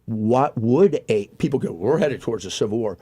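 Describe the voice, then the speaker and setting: A man's voice: mid-range voice, expressive, moderate pace, warm tone, breathy edge, no room sound. A man co-hosting a casual political talk show, laid-back and drawling, often trailing off mid-sentence. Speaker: co-host.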